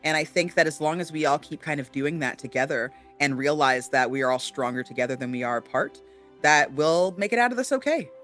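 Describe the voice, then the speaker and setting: A man with a rather high, bright and forceful voice co-hosts a casual talk show. He talks earnestly, with plenty of filler words. Faint music plays behind him. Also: animated, brisk. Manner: earnest, many fillers, warm shout-outs. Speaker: co-host. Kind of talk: casual chat.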